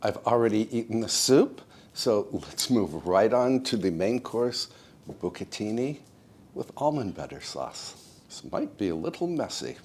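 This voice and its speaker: A man narrating his own home cooking vlog in a soft-spoken, unhurried and homey way, speaking to his viewers as friends. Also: lowish voice, very animated.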